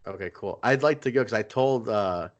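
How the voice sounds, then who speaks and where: A man's voice: on the low side, a little fast, highs cut off. A man co-hosting a casual wrestling podcast, rambling and joking as he tells stories. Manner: rambling, jokey storytelling. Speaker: podcast co-host. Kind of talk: casual chat.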